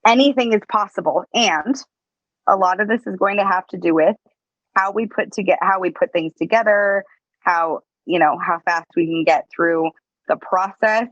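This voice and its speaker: A woman's voice: medium pitch, normal speed, no echo, muffled recording. Blunt, emphatic woman coaching sales. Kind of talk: casual coaching chat.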